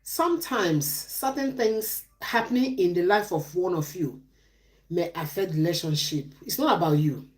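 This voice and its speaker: A woman's voice: mid-range voice, darkish tone. A middle-aged woman, giving relationship advice on a live stream in a preachy way, asking questions and answering them herself.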